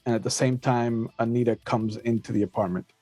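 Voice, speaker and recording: A man narrating as game master of a tabletop game, slow and halting with frequent filler sounds. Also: mid-range voice, fairly even intonation, dark tone, slightly rough, no echo, faint music behind.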